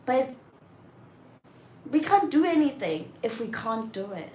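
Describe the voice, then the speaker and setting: Frank, animated young woman in an echoey room. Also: sits high, a little slow. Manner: frank and animated, rising to loud exasperation. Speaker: vlogger. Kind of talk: candid casual chat. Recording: roomy echo with faint background noise.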